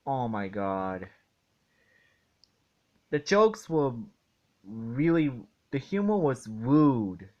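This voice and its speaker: A man reviewing a cartoon episode in an indignant rant, halting and restarting as he talks. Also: mid-range voice, very animated, dull audio. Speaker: video reviewer.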